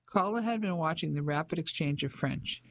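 A narrator reading a novel aloud in an even, measured way. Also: mid-range voice, creaky. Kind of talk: audiobook narration.

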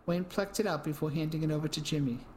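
An audiobook narrator reading a first-person mystery novel in a steady, even storytelling manner. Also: medium pitch, quick pace, a little hiss or hum, rough recording.

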